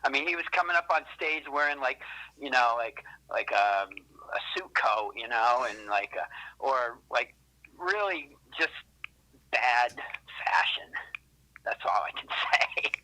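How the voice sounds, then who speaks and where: A man's voice: mid-range voice, animated, a little slow, pushed and bright, poor audio. A man being interviewed, telling rambling, profane stories with lots of self-correcting asides. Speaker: interviewed musician. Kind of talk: casual interview storytelling.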